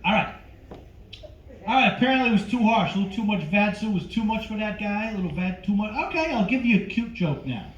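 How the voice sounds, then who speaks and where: An older man performing a stand-up comedy set, animated and teasing the crowd from a club stage on a handheld mic. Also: high-pitched, fast. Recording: echoey club room, slightly dull.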